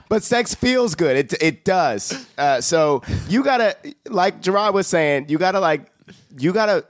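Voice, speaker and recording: A man speaking as a guest on a casual podcast chat, frank, with halting starts and chuckles. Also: on the high side, dry recording, studio quality.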